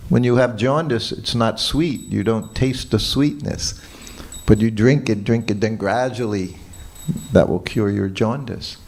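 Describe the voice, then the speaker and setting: Older man, low voice, reminiscing lecture. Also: unhurried, a little mellow. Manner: reminiscing, chuckling storyteller. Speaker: lecturer giving morning class. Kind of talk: anecdotal temple lecture. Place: temple hall.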